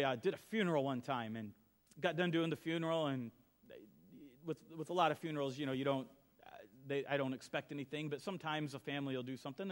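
Man, pastor, sermon, high voice, storytelling, soft then emphatic.

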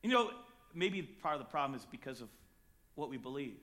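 A man preaching a sermon, moving between quiet, close talk and sudden loud, emphatic shouts. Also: mid-range voice, expressive, a little fast.

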